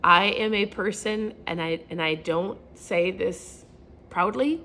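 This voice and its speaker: Animated woman telling a story at home. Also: takes it slowly, slight background noise. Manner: animated storytelling, acts out quotes with big pitch jumps; laughs often, self-deprecating. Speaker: lifestyle vlogger. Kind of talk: casual motivational talk to camera.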